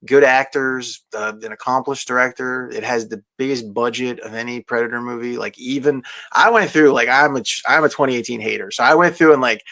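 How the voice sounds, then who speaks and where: A young man talks casually about films in a gravelly, creaky voice. He rambles along with plenty of fillers and restarts. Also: medium pitch, fairly even intonation, a little fast, hardly any pauses, bright, forceful tone. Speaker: movie discussion guest. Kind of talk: casual movie chat.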